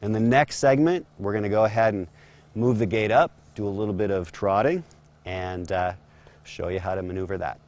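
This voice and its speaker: A man giving a calm, steady instructional demonstration as a horse trainer, talking while working a horse in an outdoor round corral. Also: fairly low pitch, normal speed.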